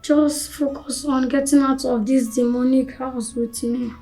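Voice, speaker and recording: A woman's voice: high-pitched, steady tone, a little slow, dark tone, poor audio. A young woman playing someone who urgently plans an escape in a film. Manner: urgent and determined. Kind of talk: Nollywood film acting. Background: faint music.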